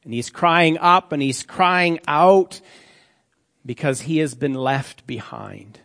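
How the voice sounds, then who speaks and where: Male preacher, slightly high voice, unhurried and grave, sermon in a reverberant church hall. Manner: slow, solemn reading with dramatic drops to near-quiet.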